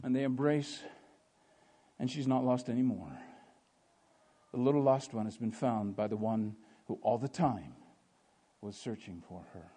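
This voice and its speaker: A man preaching a sermon, asking rhetorical questions and swinging between quiet passages and loud, emphatic ones. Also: medium pitch, measured pace, pauses often, slightly rough.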